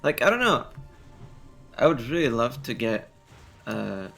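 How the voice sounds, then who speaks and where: A man's voice: mid-range voice, sing-song, a little slow, vocal fry, fairly bright tone, soft background music. A man chatting casually and offhandedly with a friend while they play a game together. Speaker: co-player. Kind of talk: casual chat while gaming.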